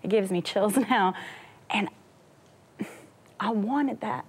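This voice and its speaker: Woman singer as a talk-show guest giving an earnest faith testimony, gravelly vocal fry. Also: mid-range voice, slow. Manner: earnest storytelling, laughs between lines. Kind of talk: personal faith testimony in an interview.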